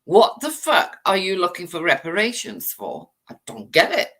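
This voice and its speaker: An English woman with a lowish, bright, edgy voice that swings widely in pitch. She rants angrily at her channel's audience, swearing freely and firing off rhetorical questions. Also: huge pitch swings, normal speed. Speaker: channel host. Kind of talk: livestream rant.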